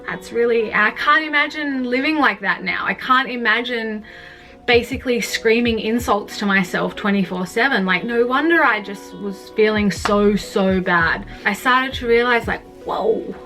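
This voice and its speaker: A woman's voice: fairly high pitch, normal speed, sharp tone, faint music behind. A young woman talking candidly in a casual vlog, rambling with lots of "like" and some swearing. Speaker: vlogger. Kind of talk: candid personal vlog about mental health.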